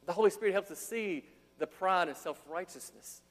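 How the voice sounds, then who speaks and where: A man preaching with a high, bright-pitched voice that rises to near shouts when he acts out the people in his story. He keeps dropping casual slang between the scripture lines. His voice rings with a long reverb, as in a big hall. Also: normal speed. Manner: animated preaching, acting out quotes, casual slang asides. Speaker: pastor. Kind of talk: sermon.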